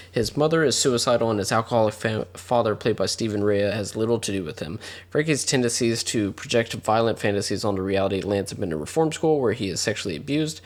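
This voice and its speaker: A man co-hosting a casual film podcast, reading out notes with dry, joking asides. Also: on the low side. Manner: laid-back, reads notes with dry asides. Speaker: podcast co-host.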